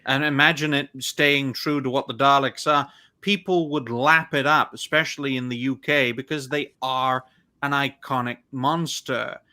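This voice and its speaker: Bright-voiced opinionated male host. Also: medium pitch, steady tone. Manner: opinionated, ranting, quick bursts. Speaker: host of a fan live stream. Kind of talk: casual live-stream commentary.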